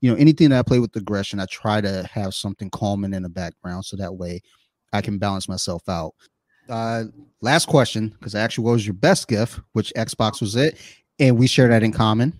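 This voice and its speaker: A man's voice: lowish voice, fairly quick, a little mellow, no room sound. A man hosting a podcast, chatting casually in a laid-back, easygoing way. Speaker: podcast host.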